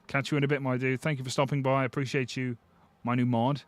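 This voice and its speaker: In a dry recording, a British man talks fast at a medium pitch with little variation in his intonation. He's casually streaming, reading comments, joking, swearing freely and starting his sentences over.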